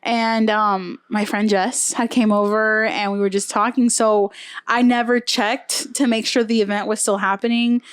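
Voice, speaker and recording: A woman co-hosting a podcast in casual chat, telling a story in an animated way and acting out what people said. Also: medium pitch, measured pace, clear, resonant tone, no echo. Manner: animated storyteller who acts out quotes. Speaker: podcast co-host.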